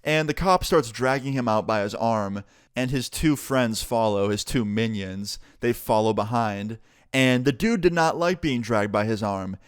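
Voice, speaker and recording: A young man telling a storytime vlog in a casual, animated way, swearing freely, recorded on a close mic. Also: medium pitch, clean tone, dry recording. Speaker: vlogger.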